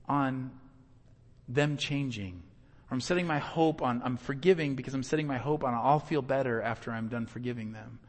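A man's voice: medium pitch, in a large hall. A man preaching a sermon in a conversational way, acting out the voices of the people he quotes. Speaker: pastor.

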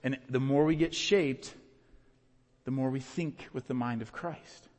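A man preaching a sermon as a pastor, earnest, rising to emphatic peaks and then dropping low and quiet. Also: unhurried. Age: adult with young children. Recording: reverberant hall.

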